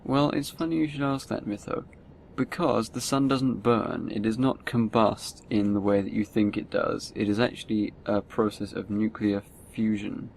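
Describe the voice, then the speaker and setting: A man's voice: lowish voice, moderate pace, creaky, slight background noise. A man co-hosting an amateur animation news show in casual chat, reading out titles and giving his opinions at length. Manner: relaxed, reads titles and comments at length.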